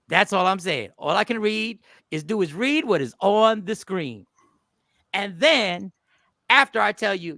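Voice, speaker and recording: A high-voiced man with a gravelly edge hosts a relaxed live stream. He tells a story and acts out both his side and the customer's side. The sound is dry and close, with no room echo. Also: moderate pace. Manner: animated, acts out both sides of customer exchanges; loose, slangy greetings to chat viewers. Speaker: comedian hosting a live stream.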